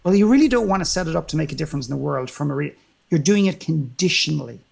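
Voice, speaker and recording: A man's voice: fairly high pitch, animated, quick pace, vocal fry, a little mellow, husky. A man speaking as an interview guest in a motivational conversation, emphatic and full of rhetorical questions and repetition.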